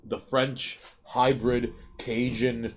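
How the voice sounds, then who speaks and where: A man's voice: medium pitch, level tone, very slow. Guy cohosting a podcast, rambly and sweary, keeps restarting sentences, faint hiss behind. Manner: rambling, profane, trails off and restarts. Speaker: podcast co-host. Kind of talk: casual chat.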